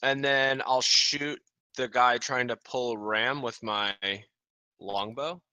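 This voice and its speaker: A man playing a tabletop game who asks quick questions and is unsure about the rules. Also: mid-range voice, fairly even intonation, bright, forceful tone, smooth. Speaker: player.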